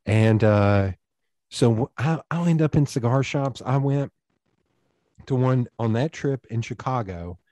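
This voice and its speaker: Man, warm mellow voice, dry close sound, rambling anecdotes with acted-out dialogue. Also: mid-range voice, a little slow, dry recording. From East Tennessee, USA. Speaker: podcast guest. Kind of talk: casual storytelling conversation.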